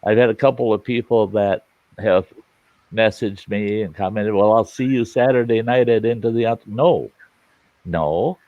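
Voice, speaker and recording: A man's voice: on the low side, moderate pace, no room sound. A man hosting a live stream, telling bawdy jokes and chatting casually, laughing at his own lines. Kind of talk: casual joking chat. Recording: dry, dull lo-fi stream audio.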